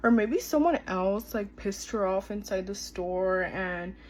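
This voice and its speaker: A woman's voice: mid-range voice, lively intonation, measured pace, low-quality recording. A woman in her twenties telling a story in casual chat, filler-heavy, acting out what people said. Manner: chatty, filler-heavy, acts out quoted dialogue. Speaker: storytime vlogger.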